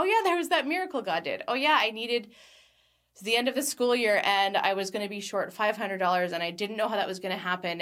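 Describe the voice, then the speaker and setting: A woman in her thirties, a Christian speaker giving an earnest devotional talk with scripture reading, laughing lightly between thoughts and slowing down on key phrases. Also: fairly low pitch, fairly bright tone.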